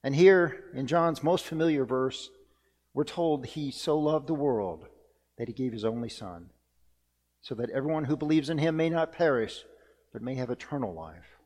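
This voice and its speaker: A man's voice: mid-range voice, lively intonation, moderate pace, a little mellow. A man delivering a sermon as pastor, earnest and reflective, repeating key phrases for emphasis. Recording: long reverb of a church hall.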